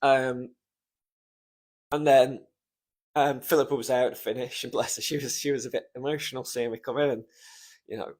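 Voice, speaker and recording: A young man hosting a casual solo podcast, choked up and close to tears as he rambles, swearing often and filling pauses with ums. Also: medium pitch, fairly even intonation, a little mellow. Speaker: podcast host.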